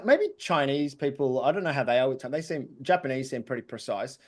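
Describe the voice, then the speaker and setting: A man's voice: mid-range voice, lively intonation, a little fast. A man, a comedian guest on a podcast, telling stories in a chatty, jokey way. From Australia. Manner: chatty storytelling with jokey asides. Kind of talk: casual podcast interview.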